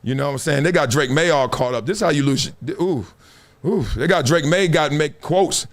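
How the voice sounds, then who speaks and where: A man's voice: fairly high pitch, a little fast. A middle-aged man hosting a live-streamed sports talk show, preaching in loose slang with a lot of animation. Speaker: show host.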